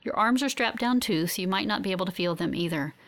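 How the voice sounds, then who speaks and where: A woman voicing a grieving older sister who speaks tearfully while trying to sound calm. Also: medium pitch, quick pace. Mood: tearful, tender.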